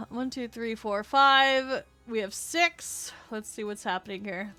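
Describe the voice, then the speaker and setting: A woman streamer chats casually with her viewers while playing, excitable and quick to laugh and swear. Her voice sits high and sounds bright and sharp. Faint music plays behind her. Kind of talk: casual live-stream gaming chat.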